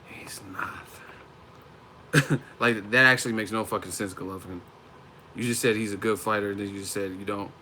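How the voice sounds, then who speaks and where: A man's voice: on the low side, steady tone, quick pace, bright, forceful tone, slight background noise. A man on a casual live stream, talking about boxing, often laughing and swearing as he mocks the fighters. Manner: laughs often, profane, mocking impressions.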